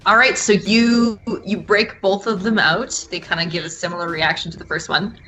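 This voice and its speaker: A woman's voice: medium pitch, steady tone, normal speed, sharp tone, a little hiss or hum. A woman narrating as game master of a tabletop role-playing game, hesitant and full of fillers. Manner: hesitant, many fillers, giggly.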